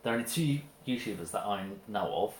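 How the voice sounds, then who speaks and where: Halting man in an echoey room. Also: fairly low pitch, animated. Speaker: co-host. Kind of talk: casual chat over a meal. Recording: roomy echo with faint noise.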